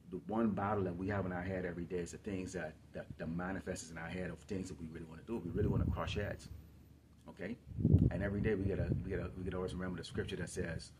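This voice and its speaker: A man's voice: low-pitched, very noisy. A man preaching to a congregation, emphatic and repetitive, often putting questions to his listeners. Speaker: camp teacher.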